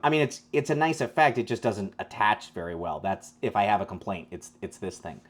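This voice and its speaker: A man's voice: fairly low pitch, a little fast. A man hosting a casual toy unboxing review, rambling and joking with frequent restarts. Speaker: toy reviewer, channel host.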